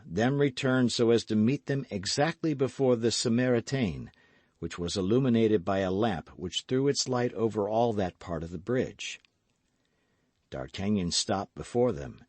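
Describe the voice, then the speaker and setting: A man narrating a classic novel as an audiobook in an expressive, dramatic storytelling manner. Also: fairly low pitch, dry recording.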